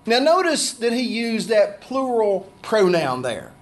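A man's voice: high-pitched, big pitch swings, unhurried. A man preaching a conversational sermon, acting out the scripture voices he quotes. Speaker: pastor.

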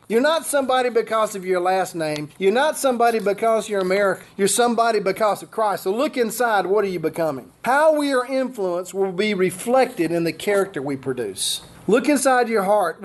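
An older man preaching a sermon as pastor, driving his points home with repeated rhetorical questions. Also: sits high.

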